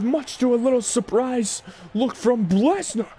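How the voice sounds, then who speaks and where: A man doing excitable play-by-play commentary on a wrestling video game, often breaking into shouted exclamations. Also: sits high, slow, a little hiss or hum. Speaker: gaming channel host.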